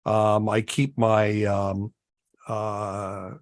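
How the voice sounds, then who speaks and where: A man co-hosting a live radio-hobby show, walking through gear in a folksy, unhurried way with many fillers. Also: lowish voice, level tone, no echo. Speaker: co-host. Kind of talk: casual show-and-tell chat.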